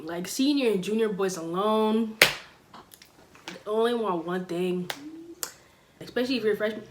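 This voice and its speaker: A teenage girl on her own channel, giving blunt school advice in a casual sit-down talk, with sudden loud stresses. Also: medium pitch, moderate pace, long pauses. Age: teens. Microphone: camera mic, sitting.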